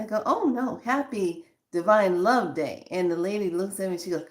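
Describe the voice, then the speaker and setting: A woman's voice: on the low side, expressive, normal speed, vocal fry, few pauses. A middle-aged woman hosting a spiritual channel, chatting casually and animatedly, laughing often and repeating questions in a rhythm. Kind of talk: casual spiritual vlog talk.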